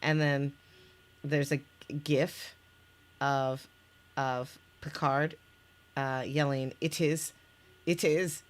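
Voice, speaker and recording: A woman's voice: a bass voice, steady tone, extremely slow, long pauses. A woman presenting an interactive story game she made, reading its scenes aloud in casual chat. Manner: reads scenes aloud with restarts and laughs. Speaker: game maker presenting her game.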